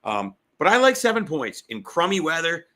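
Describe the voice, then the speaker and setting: A middle-aged man hosting a sports betting podcast, talking fast and fired up, repeating himself. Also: on the high side, huge pitch swings, pushed and bright.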